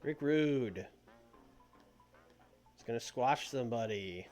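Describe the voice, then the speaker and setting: A man live-streaming a game, thinking out loud with a lively, wandering pitch. Faint music plays behind him. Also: slow pace. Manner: musing, swings from soft to loud. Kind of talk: thinking aloud while playing a game.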